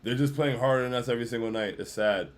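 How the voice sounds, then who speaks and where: A man's voice: medium pitch, fast talker. A man hosting a casual postgame livestream, sounding dejected, saying "bro" a lot and reading chat comments aloud. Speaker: livestream host.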